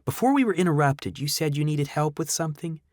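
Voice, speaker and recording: A man voicing a chatty, friendly young woman who talks quickly and breezily. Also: a little high, lively intonation, darkish tone, no echo, studio quality, voice pushed up, close to an everyday voice.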